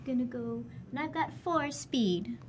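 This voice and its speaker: A woman's voice: sits high, a little hiss or hum. A woman playing a board game, talking through her move in an easygoing way. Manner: easygoing, quick to laugh. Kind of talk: casual play chat.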